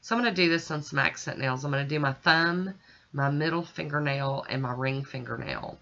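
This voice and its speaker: A woman talks through her nail art work in a chatty, folksy voice-over, speaking right to her viewers. Her voice is bright and forward. The recording sounds dull and lo-fi. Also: sits low, brisk. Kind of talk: casual tutorial voice-over.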